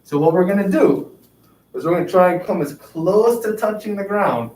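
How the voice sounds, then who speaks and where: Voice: mid-range voice, expressive, normal speed, darkish tone. A yoga instructor leading an exercise class, counting out repetitions and encouraging everyone as they go. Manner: counting out reps, upbeat encouragement. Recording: echoey room, distant mic, faint noise.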